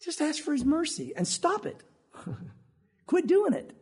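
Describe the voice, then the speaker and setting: A man preaching a sermon in a lively, conversational way, often acting out short quotes. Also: very high voice, slow. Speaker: pastor.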